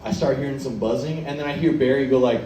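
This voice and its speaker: A man's voice: mid-range voice, fast, dark tone, reverberant, distant mic, a little hiss or hum, rough recording. A man in his twenties telling a rambling, profane story in a stand-up set, laughing as he goes. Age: 20s. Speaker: stand-up comedian.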